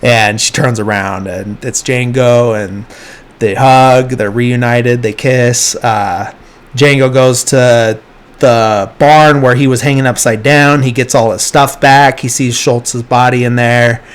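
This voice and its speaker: A man hosts a podcast and walks through a film's plot at an unhurried, slow pace. His retelling is loose and rambling, with quick bits where he mimics the characters. His voice sits at an ordinary middle pitch for a man. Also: steady tone, smooth. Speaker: podcast host. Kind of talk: casual movie plot recap.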